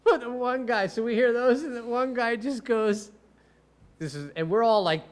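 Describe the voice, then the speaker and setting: A man telling courtroom stories in a casual chat as a defense attorney and podcast host, animated and profane, acting out quotes. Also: very high voice, moderate pace.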